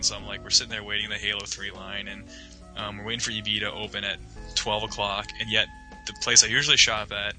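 A man's voice: fairly low pitch, sharp tone, poor audio. A young man telling a long, rambling story in a casual chat, filling it with "like" and acting out the voices of the people in it. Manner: rambling, full of "like", acts out quoted voices.

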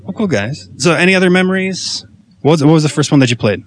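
A man's voice: a little high, expressive, fast talker, slight background noise. A young man hosting a casual gaming podcast, laid-back and joking. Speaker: podcast host.

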